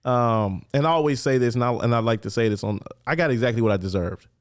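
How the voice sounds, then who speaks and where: A man's voice: medium pitch, fast, smooth. A man from Los Angeles, a podcast guest, telling his story conversationally with lots of "like" fillers and acted-out voices for the people he quotes. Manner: animated, acts out quoted voices, many "like" fillers.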